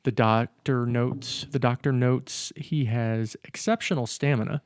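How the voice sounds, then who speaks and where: A man co-hosts a laid-back film podcast, rambling through the plot, correcting himself and cracking jokes along the way. His medium-pitched voice is clear and resonant, with fairly even intonation and an unhurried pace. The recording is clean studio sound with no room noise.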